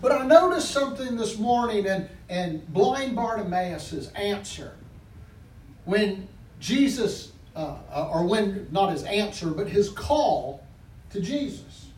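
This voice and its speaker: A male pastor with a high voice preaches and prays in a fervent, repeating cadence. He sounds distant from the microphone in an echoey church sanctuary. Faint noise sits under his voice. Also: big pitch swings, slow, darkish tone. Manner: fervent, repeats praise words, restarts phrases. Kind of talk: sermon with spoken prayer. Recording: echoey room, far from mic, faint background noise.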